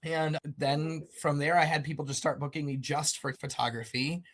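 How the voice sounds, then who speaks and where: A man's voice: a little high, level tone, moderate pace, a bit bright. A man as a guest telling stories in a casual chat, acting out his own past lines. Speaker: guest, event photographer.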